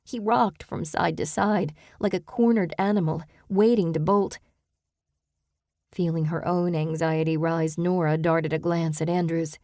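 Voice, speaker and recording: A woman reads a cozy mystery audiobook in an even, measured way. Her voice sits low and mellow. The recording is dry and close. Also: no echo. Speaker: audiobook narrator. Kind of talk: scripted narration.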